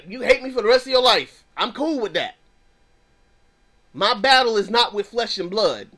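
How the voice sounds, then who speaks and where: A man with a high, bright, sharp voice preaches and teaches in an emphatic, repetitive cadence. His pace shifts between slow, stressed lines and quick runs. He speaks as a counselor.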